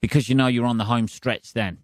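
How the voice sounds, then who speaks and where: A man hosting his own podcast from his flat, ranting casually with lots of swearing and sarcasm. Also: medium pitch, a little fast, dry recording, studio quality. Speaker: podcast host. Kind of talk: casual solo podcast rant. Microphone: decent home podcast setup.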